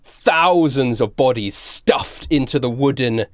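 Dm guy narrating, slow and mid-pitched, chill and chuckly. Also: no room sound, studio quality. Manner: slow, filler-heavy, chuckling. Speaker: game master. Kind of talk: narrating a tabletop game.

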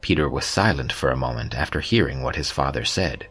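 A man narrating an audiobook story in a steady, even storytelling manner. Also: rumbling low, fairly quick, breathy edge. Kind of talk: scripted narration. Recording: soft background music.

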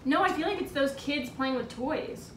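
Dry-humored young woman, high voice. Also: moderate pace. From Canada. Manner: relaxed, dry, sarcastic. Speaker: guest friend. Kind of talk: casual chat mukbang. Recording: echoey room, distant mic, clear noise.

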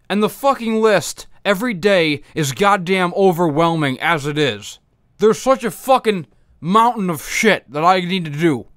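A man's voice: high voice, fairly bright tone, clear, resonant tone, no echo, studio quality. A man hosting a podcast, ranting angrily and profanely with half his face numb after dental work. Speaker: podcast host. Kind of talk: angry comedic rant.

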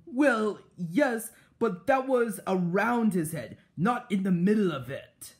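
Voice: medium pitch, expressive, slow pace, darkish tone. A performer voicing a smug male pig scientist with a British accent, lecturing in a snide tone for a fan cartoon. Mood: explaining. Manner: lecturing, patient but snide. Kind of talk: fan-made cartoon voice acting.

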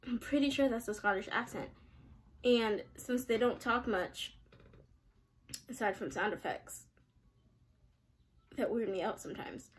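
Gaming commentator, woman, slightly high, husky, chatty and self-mocking. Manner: chatty, giggly, self-deprecating. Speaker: game streamer.

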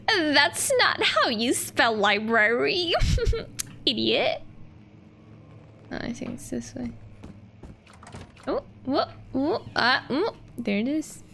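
A woman's voice: high-pitched, big pitch swings, takes it slowly, vocal fry, pauses often, pushed and bright, slight background noise. A woman streaming a game, joking and rambling casually over the gameplay.

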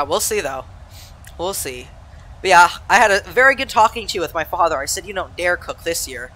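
Lively young Southern Californian streamer. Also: mid-range voice. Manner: chatty, reads and answers live chat while flying; laughs easily, self-deprecating. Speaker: flight sim streamer. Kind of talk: casual live-stream chat.

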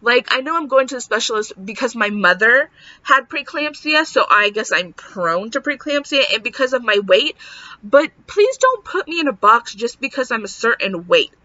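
A woman's voice: on the high side, very animated, normal speed, pushed and bright, no room sound, muffled recording. A woman in her thirties venting in a casual vlog, talking in frustrated runs full of "like". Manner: frustrated ranting, lots of "like". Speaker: vlogger.

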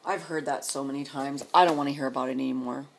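A woman's voice: a bass voice, fairly even intonation, fast talker, vocal fry, a little hiss or hum. A middle-aged woman venting to camera in a rambling, exasperated, sarcastic rant. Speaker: vlogger.

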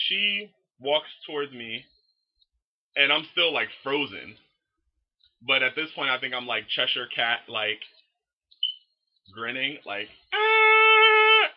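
Excitable, cursing man telling a story. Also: medium pitch, muffled recording. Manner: excitable, profane, animated retelling. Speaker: vlogger. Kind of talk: casual storytelling.

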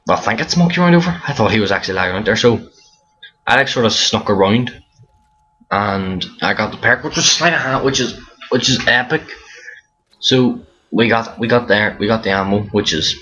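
A weary young man chats casually and aimlessly over a zombie game, repeatedly starting his sentences over. His voice runs low but sounds pushed and bright, and the dull lo-fi recording has a faint hiss.

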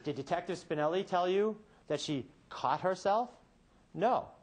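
Defense lawyer guy doing his closing to the jury, higher voice, lots of can-you-imagine questions, goes quiet then punchy. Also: expressive. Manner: rhetorical questions, dramatic pauses, swings between quiet and emphatic. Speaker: defense attorney. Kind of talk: courtroom closing argument. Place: courtroom.

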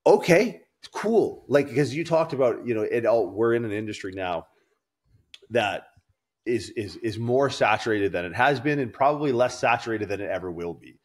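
A man's voice: mid-range voice, animated, normal speed. A man co-hosting a podcast, telling stories in casual chat, rambling and swearing freely. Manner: profane, rambling storyteller. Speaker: podcast co-host.

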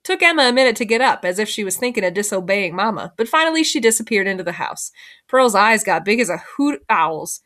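A woman's voice: medium pitch, expressive, brisk, a bit bright. A woman teacher reading a first-person novel aloud in plain storytelling, sometimes correcting herself.

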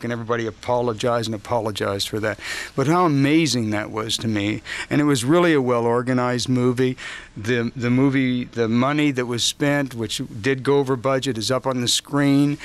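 A man's voice: medium pitch, clear, resonant tone. A man being interviewed about a film role at a press junket, telling rambling stories with easy chuckles. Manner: relaxed, rambling storytelling with chuckles. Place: hotel press junket room, indoors.

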